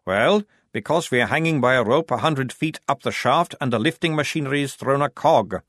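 A man's voice: medium pitch, a little fast, fairly bright tone, dry recording, clean studio sound, voice pushed up, natural voice. A man voicing an officious male corporal.

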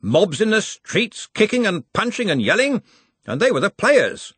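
A man doing a blustering, gruff old head wizard. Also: sits high, big pitch swings, normal speed, no room sound, voice pushed up, full character voice. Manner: loud, gruff, impatient. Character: blustering, bossy older male head wizard.

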